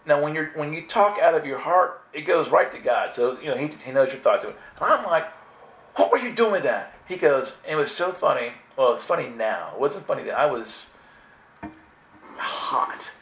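A man giving an earnest, animated personal spiritual testimony, full of restarts. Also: on the high side, normal speed. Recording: echoey room.

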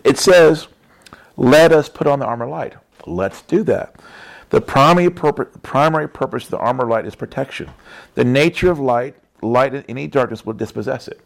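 A man's voice: medium pitch, moderate pace, vocal fry. A man preaching in a casual storytelling way, chatty and laughing often, with frequent tag questions.

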